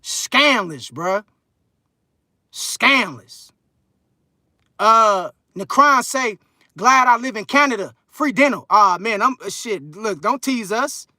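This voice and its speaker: A man in his thirties chats casually on a livestream, reading viewer comments in a rambling, slangy way with many fillers. His high voice has lively intonation and a sharp tone, and he takes his time, recorded in clean, echo-free studio sound.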